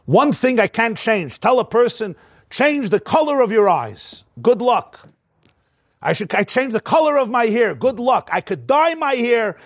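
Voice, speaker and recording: Man, rabbi giving a Torah class, high voice, storyteller, dry close sound. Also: no echo. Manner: storytelling, animated, dips into Hebrew and Yiddish quotes.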